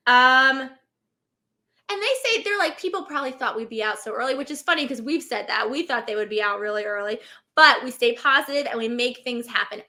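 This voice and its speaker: A woman co-hosting a casual recap chat, chatty and self-deprecating, with quick asides. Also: sits high, bright, forceful tone. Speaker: co-host, former race winner.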